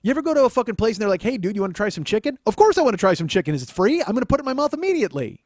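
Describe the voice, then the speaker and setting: A man's voice: very high voice, big pitch swings, rapid-fire, no room sound. A man hosting a comedy podcast, telling a story as an exasperated, profane monologue. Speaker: podcast host.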